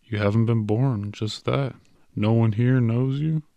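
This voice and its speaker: A man reading an audiobook, voicing a patient, cheerful little male stranger with quick, coaxing salesman patter. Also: medium pitch, fairly even intonation, vocal fry, no echo, lo-fi sound.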